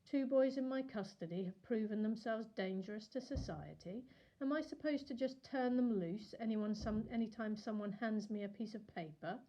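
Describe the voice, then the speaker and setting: A woman's voice: a little high, normal speed, dark tone, muffled recording, voice pushed up, lightly acted. A woman reading the part of a cold, curt female camp warden in a storybook reading. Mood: defensive. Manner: curt, defensive.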